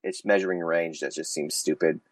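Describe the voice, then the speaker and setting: A man's voice: low-pitched, fairly even intonation, brisk, no room sound, low-quality recording. A man hosting a casual wargaming podcast, talking in a sarcastic, facetious way. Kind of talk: casual tabletop wargame chat.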